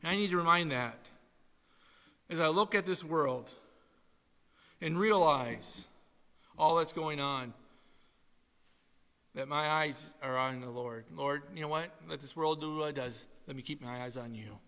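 Male pastor, animated preacher, high-pitched and very bright, recorded in a reverberant church sanctuary. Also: unhurried, long pauses. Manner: animated storytelling with sudden loud emphatic exhortations. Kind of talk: sermon.

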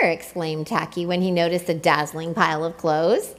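A woman reading a children's picture book aloud in an expressive, playful way. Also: fairly low pitch, moderate pace. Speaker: storyteller. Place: church.

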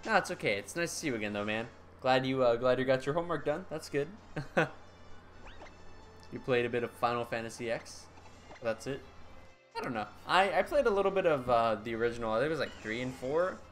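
A man's voice: medium pitch, animated, a little fast, faint music behind. A man from the United States chatting casually on a live game stream, answering his viewers' messages in an easygoing way. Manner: chatty, answers viewer chat with easy laughs.

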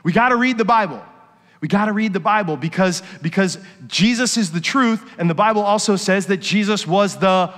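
A middle-aged man, a worship pastor, preaching a sermon and telling personal stories, dropping to quiet confession and rising to emphatic points. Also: high voice, moderate pace. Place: church sanctuary. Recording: long reverb of a church hall.

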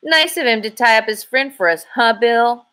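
A woman's voice: on the high side, normal speed, sharp tone, pitched above the performer's own voice. A woman voicing a teasing, wisecracking male state trooper.

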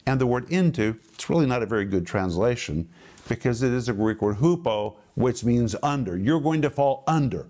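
A middle-aged man giving a television Bible teaching, emphatic, repeating phrases for stress and slowing down on key words. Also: medium pitch, lively intonation, a little mellow.

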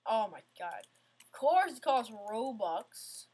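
Husky-voiced woman grumbling through a game. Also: a little high, very animated, slow pace, warm tone. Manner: frustrated, self-mocking, talks to the game. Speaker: gamer playing an obstacle course game. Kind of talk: casual gameplay commentary.

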